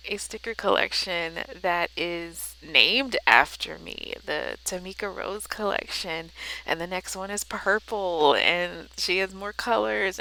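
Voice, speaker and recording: A woman's voice: on the low side, sharp tone, a little hiss or hum, poor audio. A woman vlogging about Bible journaling, talking in an earnest, encouraging, faith-filled way. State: tearful. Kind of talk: heartfelt casual vlog talk.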